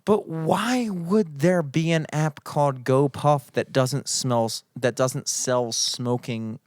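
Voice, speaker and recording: Animated young man telling a story. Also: medium pitch, slow pace, no room sound, studio quality. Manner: animated, profane, mock-outraged storyteller. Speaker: podcast co-host. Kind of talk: casual chat, storytelling.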